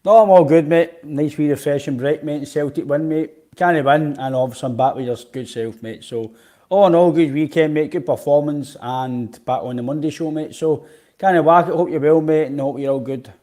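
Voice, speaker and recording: A man's voice: a little high, normal speed, dark tone. A man with a Scottish accent, co-hosting a football podcast in an easygoing, rambling way, with a filler word at every turn. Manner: easygoing, rambling, says mate constantly. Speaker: podcast co-host. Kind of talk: casual football podcast chat.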